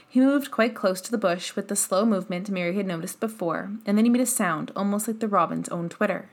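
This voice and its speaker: Calm female audiobook narrator, mid-range voice, even storytelling. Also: medium pitch, fairly quick, few pauses. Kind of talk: scripted narration.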